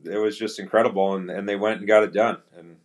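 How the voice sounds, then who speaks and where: Low-voiced man telling a hockey story. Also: fast talker. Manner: relaxed anecdotal, quotes teammates in dialogue; frequent restarts and fillers. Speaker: podcast guest, pro hockey player. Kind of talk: casual storytelling.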